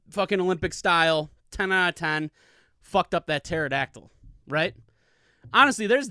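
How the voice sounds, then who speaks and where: A man's voice: fairly high pitch, pushed and bright, no echo. A man hosting a solo comedy podcast, telling a rambling, profane, hyped-up story into a studio mic. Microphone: studio mic with pop filter.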